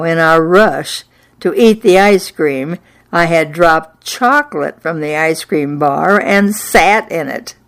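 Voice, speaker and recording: An older woman telling a personal childhood memory in an unhurried, wry and nostalgic way. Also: lowish voice. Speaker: storyteller. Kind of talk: personal memoir storytelling.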